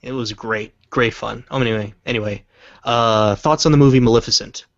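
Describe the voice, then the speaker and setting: A man's voice: medium pitch, steady tone, brisk, no echo. Rambling young man, dull lo-fi chat audio. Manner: rambling, searches for words, swears casually. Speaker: stream host reading viewer questions. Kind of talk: casual stream chat.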